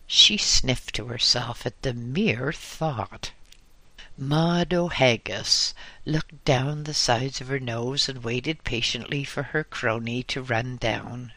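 A male storyteller reads a comic tale slowly and deliberately, his voice bright and forceful. The recording is dry and close, with no room echo. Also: mid-range voice. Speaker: narrator. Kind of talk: storybook reading.

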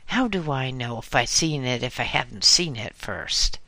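A woman's voice: rumbling low, expressive, normal speed, bright, forceful tone, no echo, heavily acted. A man voicing a small, scraggy, dour older woman who growls and snorts her answers. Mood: dour grumbling.

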